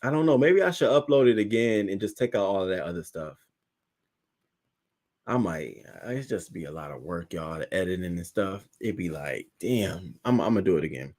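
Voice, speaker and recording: A man's voice: deep voice, normal speed. A man hosting a casual live stream, chatting with viewers, thanking them by name and retelling viral clips with laughter and mimicry. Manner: animated, laughing storyteller who greets viewers by name. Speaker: livestream host.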